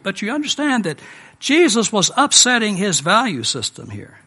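An American man preaching a sermon in a relaxed, conversational storytelling manner with personal asides. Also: high voice, normal speed, vocal fry. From United States.

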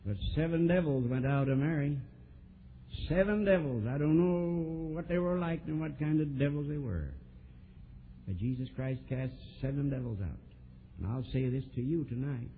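A man preaching a sermon, telling a story and swinging from soft, low asides to emphatic, raised lines. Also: normal speed, slight background noise. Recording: old tinny lo-fi sermon tape.

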